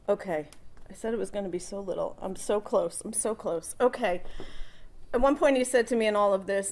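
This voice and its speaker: A woman's voice: mid-range voice, normal speed, pauses often, a little mellow. A middle-aged woman, a daughter, giving a eulogy at a funeral service, speaking fondly and often laughing between memories.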